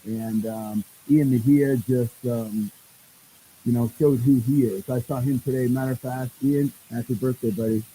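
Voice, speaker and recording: A man, a head baseball coach guest on a podcast, telling stories in a lively way and acting out what people said. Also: mid-range voice, moderate pace, a little hiss or hum, rough recording. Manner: animated storyteller, acts out quoted dialogue. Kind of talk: casual podcast storytelling.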